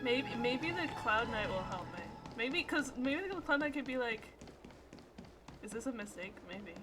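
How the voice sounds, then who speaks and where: A woman's voice: high voice, animated, normal speed, music in the background. A young woman streaming a game, reacting nervously, swearing and laughing. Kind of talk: live gameplay commentary.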